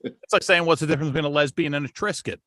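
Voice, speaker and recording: A man's voice: a little high, rapid-fire, fairly bright tone, dry recording, clean studio sound. A man casually trading crude one-liner jokes with a friend on a podcast. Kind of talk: casual joke-telling.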